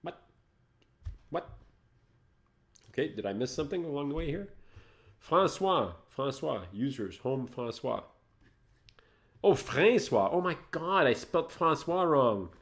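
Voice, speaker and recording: A man's voice: on the high side, very animated, unhurried, long pauses. Chatty, jokey man hosting a live tutorial. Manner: jokey, rambling, thinks aloud while typing; greets and toasts viewers in the chat. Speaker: host of a live Linux tutorial show.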